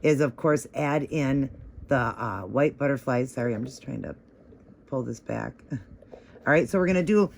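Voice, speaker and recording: Male tutorial host, mid-pitched, gravelly with vocal fry, chatty and encouraging. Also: expressive, unhurried, a little mellow. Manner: chatty and encouraging, gushing over the results. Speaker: nail art tutorial host. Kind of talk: step-by-step tutorial narration.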